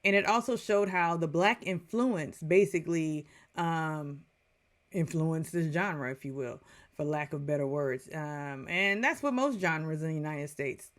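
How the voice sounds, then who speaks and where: A woman's voice: low voice, a little slow. A woman in her forties giving a casual, chatty movie review, full of digressions and playful asides.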